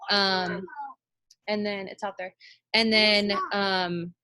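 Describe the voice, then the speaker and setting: A woman's voice: medium pitch, little pitch movement, slow, pushed and bright, smooth, dry recording. An emphatic woman leads her team on a motivational call. She talks in a dry, close sound and leans on repeated words for emphasis. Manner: emphatic, repeats phrases for effect. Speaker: team leader. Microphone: call audio.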